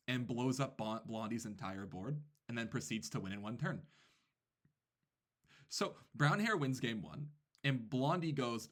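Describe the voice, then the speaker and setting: A man with a lowish voice tells a casual story about his classroom. He narrates in an animated way, with quick asides and playful imitations of the kids. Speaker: teacher telling a classroom story.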